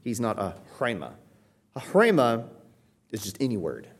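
A man who is a pastor, preaching a teaching sermon and explaining Greek words, often checking in with a quick "right?". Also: mid-range voice, wildly swooping pitch, husky. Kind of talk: expository sermon.

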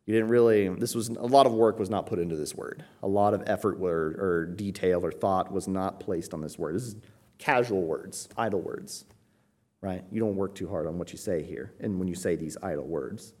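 A man who is a pastor, preaching a teaching sermon and explaining Greek words, often checking in with a quick "right?". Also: low voice, a little mellow. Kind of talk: expository sermon.

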